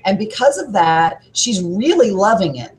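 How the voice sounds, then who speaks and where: A woman's voice: mid-range voice, sing-song, moderate pace, a little mellow, rough recording. A woman who works as a gym trainer, a podcast guest giving upbeat, coach-like workout advice.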